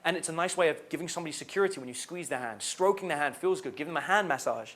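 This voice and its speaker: A young man coaching on dating, talking in an animated way and acting out the lines he suggests. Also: fairly high pitch, racing. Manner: animated, acts out quoted lines. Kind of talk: dating advice talk.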